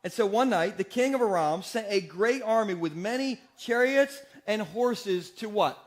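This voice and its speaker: A man in his forties preaching a sermon in a church, energetic and joking, often asking the congregation questions. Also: high voice, moderate pace. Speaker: pastor. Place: church sanctuary.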